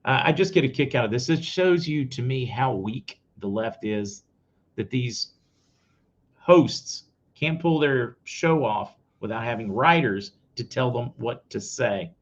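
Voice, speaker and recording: A man's voice: mid-range voice, unhurried. A man hosting his own news commentary show, giving blunt opinions straight to his viewers. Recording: slightly dull lo-fi audio.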